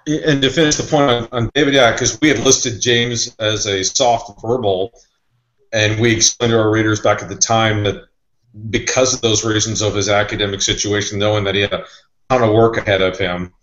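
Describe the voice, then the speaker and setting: A man's voice: lowish voice, steady tone, fairly quick, fairly bright tone, echoey room, lo-fi sound. A man who reports on sports recruiting, talking in a loose, rambling, conversational way. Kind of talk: casual podcast chat.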